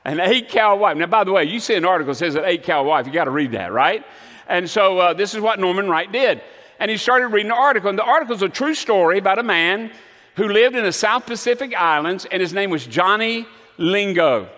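A man preaching a rousing sermon as pastor in a church, calling the congregation to say amen and building to shouts. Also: sits high, expressive, a little fast, long reverb tail. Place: church sanctuary.

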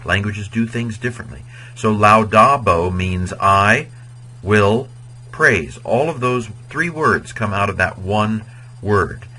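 A man with a lowish, husky voice and a bright, forceful tone teaches Latin grammar in a casual video lecture, heard over a rough recording. He is unhurried, chatty and digressive, full of fillers, and at times chants verb endings in a sing-song rhythm.

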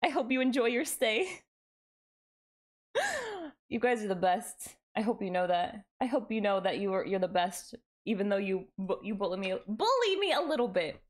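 A young woman streaming a game, chatting casually and excitably with her chat, giggling often. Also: medium pitch, normal speed.

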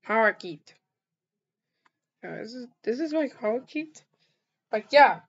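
A woman's voice: fairly high pitch, animated, breathy edge. A woman reacting to funny clips in casual, rambling commentary with many restarts. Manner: rambling, halting, frequent restarts. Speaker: reaction video host. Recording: dull lo-fi recording.

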